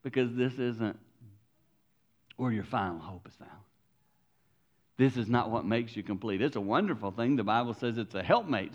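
A man preaching a sermon as pastor, animated and acting out voices. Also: medium pitch, muffled recording.

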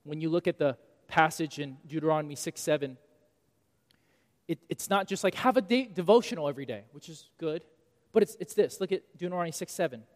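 A man in his thirties preaching a sermon as pastor, animated and swinging between loud and quiet for emphasis. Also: on the high side, a little fast. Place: church sanctuary. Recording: long reverb of a church hall.

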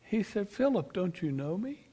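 A male preacher delivering an emphatic sermon, asking his congregation questions and swinging between loud declarations and quiet asides. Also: high voice, sing-song, normal speed, breathy edge. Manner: emphatic, rises and drops sharply, asks the congregation questions. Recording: long reverb of a church hall.

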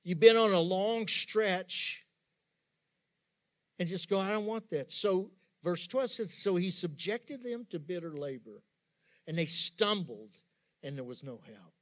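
A man pastor preaching a sermon, emphatic, swinging between loud rising outbursts and sudden soft drops. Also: sits high, lively intonation, takes it slowly.

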